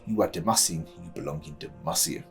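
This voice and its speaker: A man's voice: brisk, soft background music. A man voicing a giant, eager male stone colossus who talks in blunt, clipped sentences, read aloud. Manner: booming, plain clipped speech.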